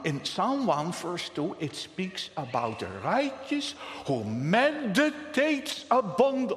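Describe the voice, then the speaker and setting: Slow, animated preacher in an echoing hall. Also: male voice, high voice. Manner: emphatic, rhetorical, repeats words for effect. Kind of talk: sermon. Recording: echoey hall with long reverb.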